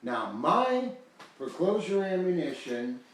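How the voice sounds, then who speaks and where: A man's voice: on the high side, big pitch swings, a little slow, fairly bright tone, distant mic. An older American man talks in a loose, folksy way, leaning hard on key words as he rambles. His voice bounces around a very echoey room. The mic sits well away from him. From United States. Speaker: host selling a foreclosure guide. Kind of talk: casual promotional talk.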